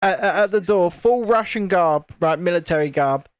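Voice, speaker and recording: A man's voice: high-pitched, normal speed, clean tone, no echo. A man co-hosting a live stream, chatting casually and teasing constantly. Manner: teasing wind-up merchant. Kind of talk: casual chat while building.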